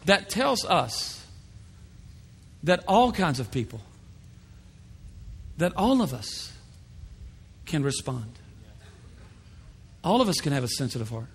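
A man preaching a lively sermon as pastor, acting out the voices of other people in bursts. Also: sits high, slow pace, pauses often, slightly rough. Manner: animated, acts out voices of others. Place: church sanctuary. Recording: long hall reverb.

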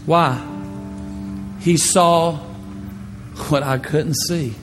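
A man pastor telling a personal story in a sermon, animated, swinging from hushed to loud. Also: on the high side, moderate pace. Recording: echoey hall with faint music.

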